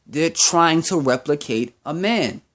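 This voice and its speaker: A man's voice: on the high side, animated, takes it slowly, a bit bright. A young man ranting in a vlog monologue, profane and heated, repeating himself as he goes. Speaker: vlogger.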